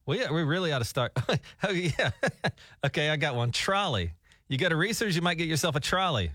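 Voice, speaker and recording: A man's voice: a little high, very animated, moderate pace, pushed and bright, no room sound. A man hosting a morning radio show, chatting casually and quizzing his co-host, heard on a studio mic. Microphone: studio microphone.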